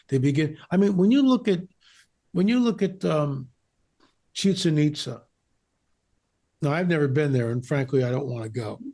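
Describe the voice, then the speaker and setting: Emphatic man with a gravelly voice. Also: fairly high pitch, mellow. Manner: emphatic, repeats phrases for stress. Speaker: guest researcher and author. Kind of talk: interview conversation.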